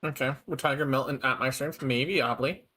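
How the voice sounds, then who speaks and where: Easygoing guy streaming a co-op farm game, laughs a lot, mid pitch. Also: normal speed. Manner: relaxed, laughs often, trailing restarts. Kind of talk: casual co-op gameplay chat.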